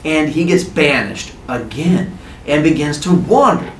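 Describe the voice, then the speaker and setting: A man tells a comic story with playful energy. His pitch swings widely, and his voice rings in a roomy, echoey space. A faint background hum sits underneath. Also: measured pace. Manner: animated and playful. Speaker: podcast host and storyteller. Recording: roomy echo.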